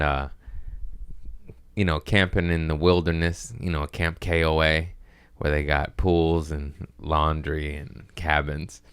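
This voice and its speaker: Man, podcast host, deep voice, dry studio mic, rambling crude comedy. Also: fairly bright tone, smooth, dry recording. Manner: rambling, crude storytelling with quick put-on voices. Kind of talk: casual comedic chat. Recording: dry close studio sound.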